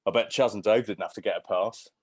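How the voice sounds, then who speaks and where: A man doing an impression of a brash, cheeky middle-aged male comedian, high and excitable. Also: fast talker, no echo, studio quality, natural voice.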